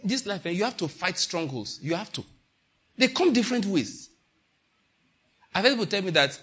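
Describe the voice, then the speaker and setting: This male preacher has a slightly high voice and talks fast. His sermon is animated, full of stories, laughter, and quotes he acts out.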